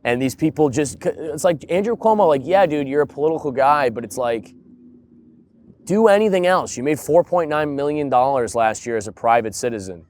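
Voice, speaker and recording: A man in casual podcast chat, ranting in an animated way and leaning on filler words. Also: on the high side, normal speed, a little hiss or hum. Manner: animated, ranting, heavy use of "like" and "dude". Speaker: podcast co-host.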